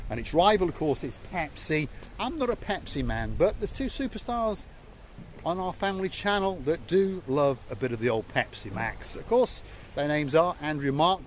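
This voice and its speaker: A man's voice: a little high, a little hiss or hum. An English man hosting a playful travel vlog outdoors by a seaside resort, rambling and joking like a tour guide. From England. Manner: jokey, rambling, lively tour-guide patter. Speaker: vlogger host.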